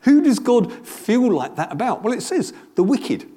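A man's voice: extremely high pitch, sing-song, normal speed, mellow. A man preaching a sermon in a conversational way, repeating words and asking the congregation rhetorical questions. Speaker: pastor.

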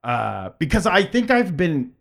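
Gravelly man rambling with restarts. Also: on the high side, very animated. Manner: rambling, halting, full of fillers and restarts. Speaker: podcast host. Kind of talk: casual chat.

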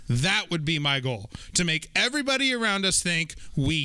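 Male sports podcast co-host, bright and slightly high, profane jokester, dry close sound. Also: fast talker, hardly any pauses, clear, resonant tone, no echo. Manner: animated, profane, joking. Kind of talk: casual sports chat.

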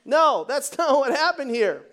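High-voiced, animated male preacher. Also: moderate pace. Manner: animated, joking, conversational preaching. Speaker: pastor. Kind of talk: sermon.

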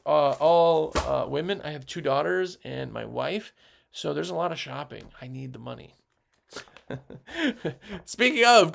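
A sales rep with a slightly high, gravelly voice talks on a motivational podcast, delivering a passionate pep talk. He gets worked up and rambles, full of fillers and false starts.

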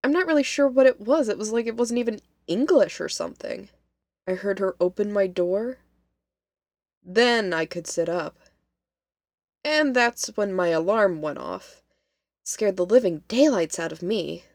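A woman's voice: mid-range voice, expressive, measured pace, darkish tone, dry recording, clean studio sound. A woman voicing a young female college student who is rattled and insistent. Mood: recounting. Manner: shaken, insistent.

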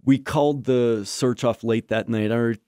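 A man's voice: mid-range voice, fairly even intonation, unhurried, warm tone, smooth, dry recording, clean studio sound. A search and rescue volunteer, a man, recalling a call-out in a plain matter-of-fact way. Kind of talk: interview recollection.

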